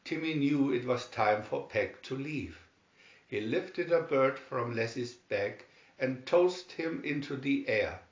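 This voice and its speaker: A man reading a children's storybook aloud at an unhurried, measured pace. His voice sits at an ordinary middle pitch. The room is echoey and the sound is a bit muffled. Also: animated. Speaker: storybook reader. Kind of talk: read-aloud storybook narration. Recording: roomy, dull lo-fi sound.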